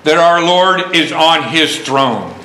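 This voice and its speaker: A man preaching a sermon, telling a story and rising into excited preaching. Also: on the high side, takes it slowly, reverberant, background noise.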